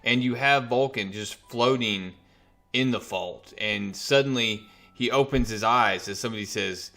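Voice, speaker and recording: A man giving a casual, energetic recap of a comic book issue, acting out the characters' lines as he tells the story. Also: mid-range voice, a little slow. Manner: energetic storyteller who acts out quoted lines.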